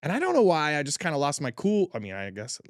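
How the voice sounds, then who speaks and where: A man's voice: a little high, fast talker, no room sound, studio quality. A man, a tattoo artist, telling a wild story in casual chat, swearing freely and full of fillers. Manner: animated, profane, lots of fillers.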